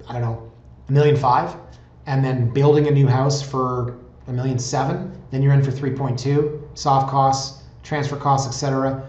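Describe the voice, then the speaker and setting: A man's voice: mid-range voice, a little mellow. A chatty man with a middle-range voice gives casual, sarcastic commentary on home listings and often wanders off on tangents. The sound is roomy and a little dull. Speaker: real estate blogger. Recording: roomy, slightly dull recording.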